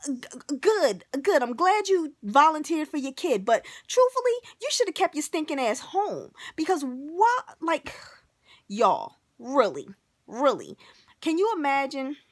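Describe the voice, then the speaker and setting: Woman vlogger, high voice, dry close sound; fiery profane rant to camera. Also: no echo. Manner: animated, emphatic, profane, keeps saying "like". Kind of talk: ranting to camera.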